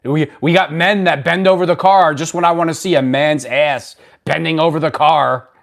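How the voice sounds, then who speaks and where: A man's voice: on the high side, steady tone, moderate pace, creaky. Blunt rambling man live-streaming. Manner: blunt, rambling, restarts often, swings loud and quiet. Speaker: livestream host. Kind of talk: casual live-stream chat reading comments.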